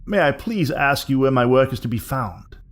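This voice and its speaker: Narrator voicing an old vagabond: courteous, gruff, exhausted. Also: male voice, medium pitch, expressive, moderate pace, lightly acted. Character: weary old wandering vagabond with a staff.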